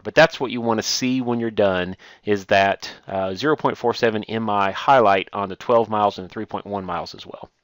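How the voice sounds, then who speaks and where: A man teaching a screen-recorded software tutorial, walking through steps one at a time with frequent "uh" fillers. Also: lowish voice, clean tone, no echo. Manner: steady step-by-step explaining with frequent "uh" fillers. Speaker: instructor.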